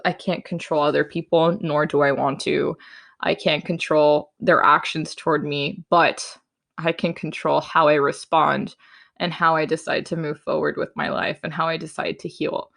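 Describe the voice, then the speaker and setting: Gravelly young woman chatting candidly. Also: deep voice, little pitch movement, normal speed, fairly bright tone. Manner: chatty, frank, full of fillers like "like" and "you know"; acts out her own inner voice in quotes. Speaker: podcast host. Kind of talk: casual solo podcast talk.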